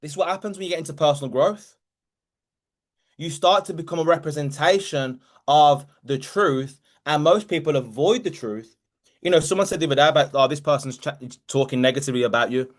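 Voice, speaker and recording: A man's voice: on the high side, fairly quick. A man hosting a group call as a motivational coach, talking directly and emphatically and repeating key phrases.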